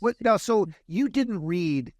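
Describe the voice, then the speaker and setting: A man with a somewhat raised pitch co-hosts a casual podcast. He mostly listens, adding brief agreements and the occasional probing question. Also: lively intonation, takes it slowly, dry recording, clean studio sound. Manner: short agreeing interjections and follow-up questions. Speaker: podcast co-host.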